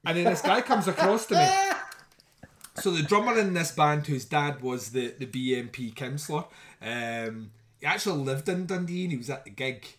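A man's voice: fairly high pitch, moderate pace, fairly bright tone, slight background noise. A middle-aged man, telling a story in casual podcast talk, swearing often and laughing as he goes. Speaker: podcast host.

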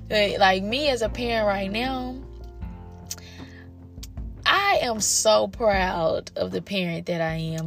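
A woman's voice: mid-range voice, gravelly. A young woman, a parent, telling frank, profane stories straight to her viewers, acting out the voices of her family as she goes. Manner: frank and profane, acts out quoted family members. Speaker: parent sharing personal stories. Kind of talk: candid personal storytelling to viewers.

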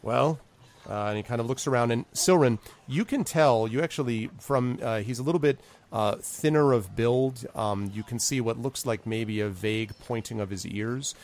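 A man's voice: medium pitch, normal speed, hardly any pauses, a little mellow. A man narrating as game master of a tabletop game in a rambling, filler-heavy way. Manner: rambling, many fillers, chuckling.

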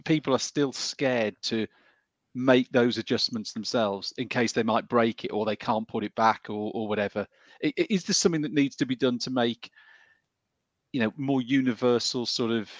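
A man's voice: medium pitch, no room sound. A man co-hosting a podcast, probing with questions and thinking aloud as he asks them. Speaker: podcast co-host. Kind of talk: casual chat.

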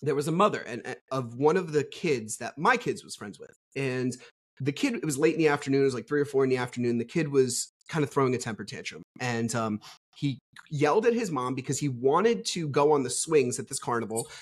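A man's voice: medium pitch, animated, a little fast, breathy edge. A middle-aged man from New Jersey, a podcast guest telling a story in a rambling, frank way, with lots of fillers and the odd swear. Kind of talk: casual storytelling interview.

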